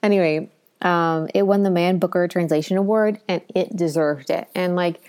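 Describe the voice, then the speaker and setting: A woman's voice: lowish voice, fairly even intonation, moderate pace, darkish tone. A woman co-hosting a casual book podcast, talking enthusiastically with many fillers. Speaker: podcast co-host. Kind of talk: casual book review chat.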